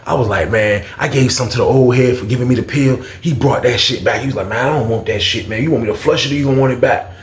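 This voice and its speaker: A man's voice: medium pitch, fast talker, few pauses, roomy sound. A man casually retelling a prison story in slangy speech, acting out the other people's voices as he goes.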